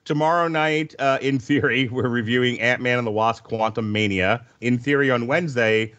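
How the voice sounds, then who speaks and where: A man's voice: mid-range voice, normal speed, fairly bright tone. A man co-hosting a podcast in casual chat, joking and rambling, with a little swearing. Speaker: podcast co-host. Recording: dull lo-fi sound.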